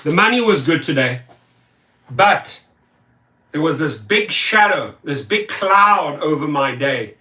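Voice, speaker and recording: A man's voice: fairly high pitch, bright, forceful tone, far from the mic. A tired man who drives for rideshare, ranting angrily and sarcastically in a vlog, often repeating himself. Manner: angry, sarcastic, repetitive. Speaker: rideshare driver and video host. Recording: echoey room, off-mic.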